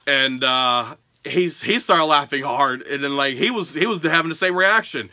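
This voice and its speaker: Chatty male vlogger from Pennsylvania, bright forceful voice, dry close sound, answers fan questions laughing. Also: fairly high pitch, normal speed, no echo. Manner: chatty and animated, often laughing. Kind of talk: casual storytelling Q&A. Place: his home.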